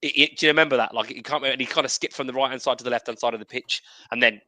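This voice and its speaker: Male co-host, quick and sharp delivery, emphatic repetition, dry close sound. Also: mid-range voice, steady tone, no echo. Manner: rapid and emphatic, stacks repeated phrases. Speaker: podcast co-host. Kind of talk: casual football chat.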